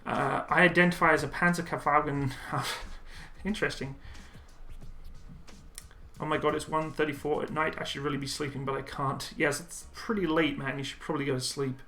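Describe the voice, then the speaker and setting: Bright-voiced young man chatting live. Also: fairly high pitch, moderate pace, vocal fry, faint music behind. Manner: relaxed, chatty, frequent ums and laughs. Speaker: streamer reading viewer chat. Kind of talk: casual live chat.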